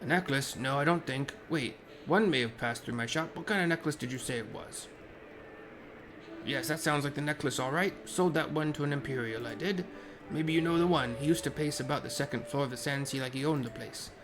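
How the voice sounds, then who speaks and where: A man's voice: mid-range voice, brisk, natural voice. Man reading as a gossipy male lizard-folk shopkeeper, friendly, game dialogue. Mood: chatty.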